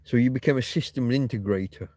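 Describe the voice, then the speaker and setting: A man hosting a loose, rambling livestream and chatting to his viewers. He rants and swears freely and trips over restarts and repeated words. His voice is dark and mellow, recorded close in a dry, dead-sounding room. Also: medium pitch, fast talker, no room sound. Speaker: livestream host. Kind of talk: casual rambling livestream chat, reading viewer comments.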